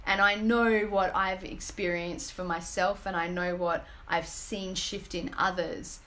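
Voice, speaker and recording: A woman in her thirties speaking to her phone camera at home, earnest and gushing, halting often with fillers. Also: on the low side, steady tone, a bit bright. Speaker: energy healing business team member. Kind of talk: emotional personal testimonial vlog. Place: home, indoors.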